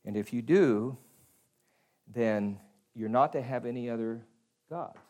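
A middle-aged man preaching a sermon in an earnest way, often dropping softer to speak as God. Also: medium pitch, slow, pauses often.

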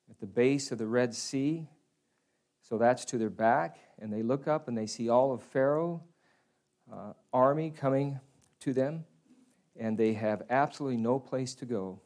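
Middle-aged male preacher, earnest sermon delivery, mid-pitched voice, softens for quoted lines.

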